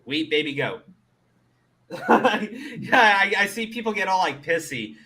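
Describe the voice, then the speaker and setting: His voice sits high and moves a little slowly as this Middle Eastern man hosts a casual commentary show. He rants with heavy swearing and lots of laughter, and he stammers when restarting, all in an animated way.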